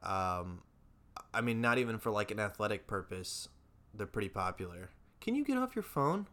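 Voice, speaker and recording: A man's voice: on the low side, very animated, normal speed, fairly bright tone. A young man co-hosting a casual podcast, blunt and openly judgmental, swearing freely as he talks. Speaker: podcast co-host. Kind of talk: casual chat.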